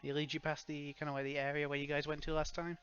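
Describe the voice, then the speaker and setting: A man's voice: on the high side, monotone, fast talker, fairly bright tone, faint music behind. A man narrating a tabletop game as game master, rambling and hesitant, often breaking into laughter. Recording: dull lo-fi sound.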